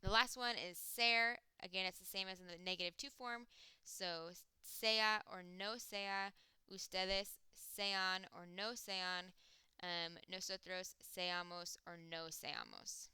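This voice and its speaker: A woman teaching a recorded Spanish grammar lesson, explaining step by step and slowing down to spell out example words. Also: on the low side, steady tone, sharp tone, clear, resonant tone, no room sound.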